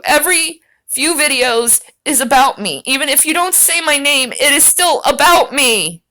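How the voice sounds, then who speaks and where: A woman with a high, bright voice talks back at a video during a stream. She rambles, swears freely and speaks straight to the man she is watching. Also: lively intonation, normal speed, few pauses. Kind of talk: casual reaction commentary.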